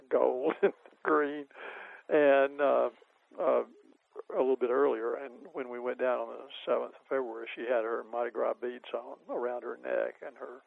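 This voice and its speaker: Gravelly older man telling stories. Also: medium pitch, no room sound, phone-quality sound. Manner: rambling, many "uh" fillers, chuckling. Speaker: interview guest, author. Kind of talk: anecdotal storytelling.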